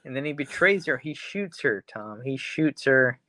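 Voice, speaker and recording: A man with a bright, forward tone co-hosts a casual podcast. He rambles through a plot recap, swearing freely and slipping into the characters' lines. The sound is dry and close. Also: mid-range voice, lively intonation, moderate pace, no echo. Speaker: podcast co-host. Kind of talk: casual chat, retelling a film episode.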